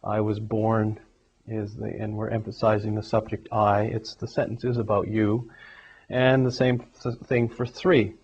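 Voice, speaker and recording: A man teaching English grammar, explaining examples step by step in a steady classroom manner. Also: on the low side, a little slow, slight background noise. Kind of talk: grammar lesson. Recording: dull lo-fi recording.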